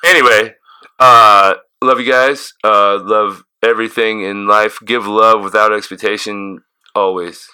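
A man's voice: lowish voice, steady tone, a little slow, pushed and bright, clear, resonant tone, no echo. A man co-hosting a podcast in casual, laid-back chat, easygoing and affirming. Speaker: podcast co-host.

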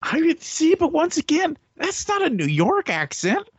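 A man's voice: very high-pitched, wildly swooping pitch, moderate pace, no echo, highs cut off. A man co-hosting a podcast in casual chat, jokey, profane and incredulous. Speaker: podcast co-host.

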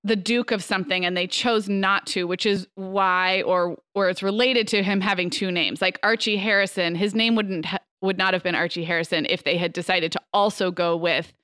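A woman podcast co-host in casual chat, quick asides and frequent laughs. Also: mid-range voice, fairly even intonation, fairly bright tone, clean tone, no room sound, studio quality.

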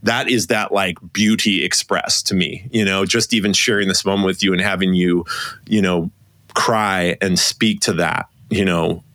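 Male host, low and bright voice, rambling gentle questioner, dry close sound. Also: steady tone, moderate pace, no room sound. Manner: gentle, rambling questions full of "you know" and "like". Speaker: podcast host. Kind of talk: conversational interview.

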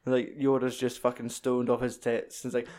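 A man's voice: mid-range voice, monotone, normal speed, darkish tone. Sweary Scottish man chatting about films. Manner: sweary, jokey, acts out film lines in other voices. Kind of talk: casual chat about films.

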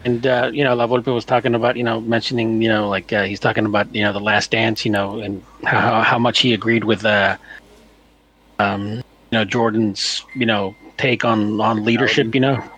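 A man co-hosting a casual podcast chat, talking in a halting way full of "you know" fillers. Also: lowish voice, fairly even intonation, fairly bright tone, husky, low-quality recording. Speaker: podcast co-host.

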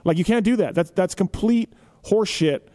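A man hosting a podcast, telling stories in a casual, animated way with lots of filler phrases. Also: high voice, normal speed. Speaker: podcast host.

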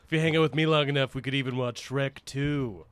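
A man's voice: mid-range voice, fairly even intonation, fairly bright tone, no echo. A man on a podcast, laughing a lot and reacting with crude jokes in casual banter. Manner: giggly, crude, quick reactions. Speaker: podcast co-host.

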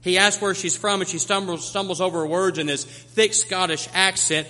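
A man's voice: sits high, steady tone, normal speed, few pauses, bright, forceful tone. A male pastor delivering a sermon, preaching with emphatic repetition to a congregation. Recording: long hall reverb.

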